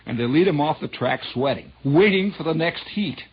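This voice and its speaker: A man's voice: fairly high pitch, animated, normal speed, husky. A male radio disc jockey giving a wry, sardonic, rambling on-air monologue. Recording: muffled old radio broadcast.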